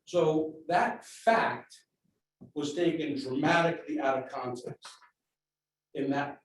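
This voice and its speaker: A man giving a measured public comment at a school board meeting, laying out facts and figures. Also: on the high side. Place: large meeting room. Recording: very echoey room, distant mic, faint noise.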